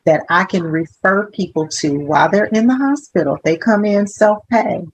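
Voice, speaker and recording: A woman hospital social worker, a guest in a conversational interview, explaining things in a measured way with some fillers. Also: medium pitch, creaky, a little hiss or hum, poor audio.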